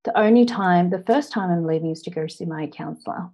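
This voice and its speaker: An Australian public speaker, a woman in her thirties, earnestly tells an audience her own story. Her voice sits a little low and warm, moving fairly quickly, and she often pauses on "now" before carrying the story forward.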